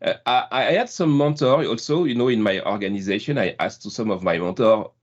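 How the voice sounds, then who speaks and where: A French man in his forties, a guest product manager, chats casually on a video call, laughing at himself often and restarting sentences a lot. His voice is mid-range and a little fast, and the call audio is dull and lo-fi.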